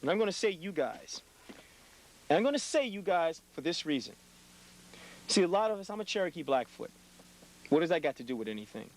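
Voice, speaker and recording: High-voiced young man scolding his listeners. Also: very animated, a little fast, pauses often, poor audio. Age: young adult. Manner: blunt, lecturing, often tags "man". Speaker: lecturer addressing his community. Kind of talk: impassioned scolding monologue.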